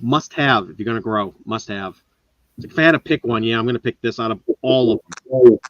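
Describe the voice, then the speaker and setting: Guy hosting a live stream, excited and rambly, dry dull lo-fi sound. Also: mid-range voice, fairly quick, dry recording. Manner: enthusiastic, rambling show-and-tell. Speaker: host. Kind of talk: casual live-stream chat.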